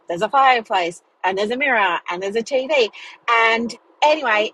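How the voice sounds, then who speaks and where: A business mentor hosts a solo podcast in a slightly rough, a little high voice, and the audio quality is poor. She chats casually and tells stories animatedly, packing in fillers, playful asides, and lots of "guess what" moments.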